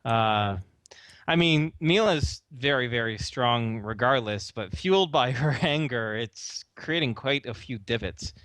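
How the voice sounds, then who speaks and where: Smooth-voiced man running a tabletop game. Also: mid-range voice, a little slow, no echo. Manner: relaxed narration with frequent fillers and laughs. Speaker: game master.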